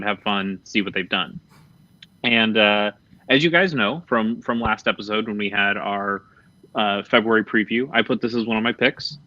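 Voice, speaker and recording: A man with a lowish, pushed and bright voice hosts a casual gaming podcast, chatting candidly about video games. He swears freely and trails off mid-thought, and the audio is dull and slightly lo-fi with no room sound.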